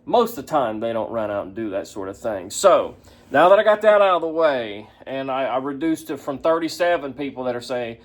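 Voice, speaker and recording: A man hosting a reaction commentary vlog at a middle pitch. He talks sarcastically, mocking the clips he plays and laughing at them. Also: lively intonation, a little fast. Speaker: commentary vlogger.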